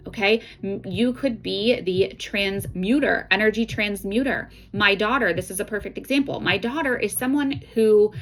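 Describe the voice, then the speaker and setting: A woman's voice: medium pitch, poor audio. A middle-aged woman, an intuitive card reader, talking in a casual, earnest way and often checking in with "right?" and "okay?". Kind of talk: casual spiritual guidance talk.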